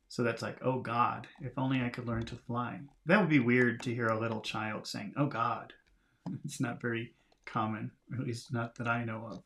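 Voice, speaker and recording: A man's voice: mid-range voice, steady tone, moderate pace, a bit bright. A man teaching English, reading a storybook aloud and patiently explaining its words with small laughs, streaming live from home.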